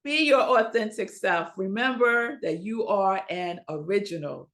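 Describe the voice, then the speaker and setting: A woman minister delivers a Sunday sermon at an unhurried, deliberate pace. Her pitch sits mid-range for a woman, and she leans on dramatic pauses and rhetorical questions to the congregation. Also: fairly bright tone. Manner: slow, emphatic preaching with dramatic pauses.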